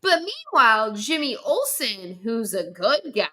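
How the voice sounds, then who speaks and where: A woman's voice: fairly high pitch, sing-song, unhurried, sharp tone. A young woman co-hosting a casual podcast, ranting emphatically and swearing freely. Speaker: podcast co-host.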